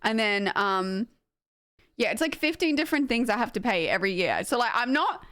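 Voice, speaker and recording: This is a young Australian woman streaming casually, spilling a rambling, self-mocking story full of little "likes" and quick laughs. Her voice sits a little on the high side. The sound is close and dry, with no room around it. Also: no room sound. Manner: animated, full of filler likes. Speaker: game streamer.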